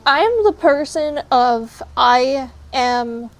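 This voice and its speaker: A woman's voice: sits high, animated, slow, faint music behind. A young woman streaming, chatting casually and ranting bluntly with jokes to her chat. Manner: blunt, joking rants to chat.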